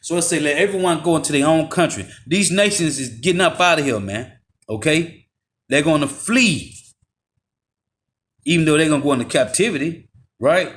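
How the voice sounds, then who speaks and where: Fiery preacher man, slightly high voice. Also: lively intonation. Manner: forceful and confrontational, drops low on tag words, slows to read scripture. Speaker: street preacher. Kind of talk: fiery street sermon with scripture reading.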